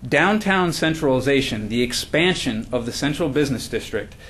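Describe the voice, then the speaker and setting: A man's voice: medium pitch, animated, moderate pace, fairly bright tone. A man, as the author, giving a book talk at a launch event, earnest, with frequent fillers and restarts. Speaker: author presenting his book.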